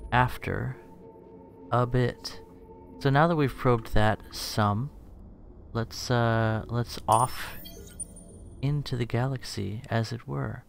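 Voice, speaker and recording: Over game music, a man streams a strategy game in a medium-pitched voice with vocal fry. He jokes around casually, pokes fun at himself, and reasons through his moves out loud.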